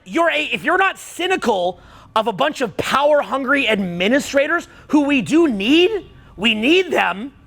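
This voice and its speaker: High, gravelly, profane seminar coach. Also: male voice, bright, forceful tone. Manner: blunt, profane, rising to heated outbursts. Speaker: dating and social skills coach. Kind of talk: seminar talk to a live audience.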